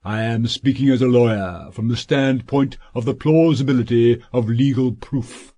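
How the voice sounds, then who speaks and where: A man putting on a pompous, slow-talking solicitor. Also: medium pitch, warm tone, natural voice. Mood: scheming. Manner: pompous, drawn-out, sanctimonious. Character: fat pompous scheming middle-aged male solicitor.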